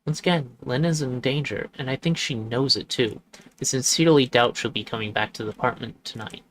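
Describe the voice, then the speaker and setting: A man's voice: medium pitch, fairly quick, fairly bright tone, a little hiss or hum, close to an everyday voice, low-quality recording. A man reading the lines of a thoughtful male ghost detective in a fairly plain voice. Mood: pensive.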